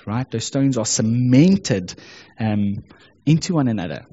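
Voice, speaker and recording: A man with a South African accent preaches in a relaxed, conversational sermon style. He talks at a mid pitch and often tags his points with "right?" or "okay?". The recording sounds a little dull and muffled. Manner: conversational, frequent tag questions like "right?" and "okay?".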